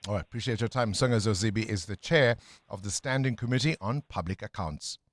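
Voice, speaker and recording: A man's voice: fairly low pitch, a little fast, slight background noise. A South African man hosting a breakfast radio show, asking pointed questions and pressing his guest for accountability. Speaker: radio talk show host. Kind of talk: breakfast radio interview and links.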